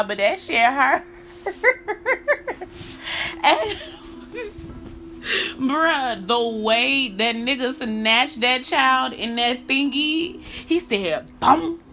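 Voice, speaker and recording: Bright-voiced woman in a laughing, slangy movie review. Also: a little high. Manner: animated, profane slang, laughs often. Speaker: podcast host. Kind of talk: casual horror movie review.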